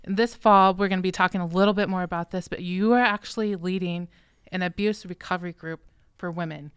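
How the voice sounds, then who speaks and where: A woman's voice: fairly low pitch, steady tone, brisk, smooth, dry recording, clean studio sound. A woman co-hosting a church podcast, chatting casually in an upbeat way and leading the discussion.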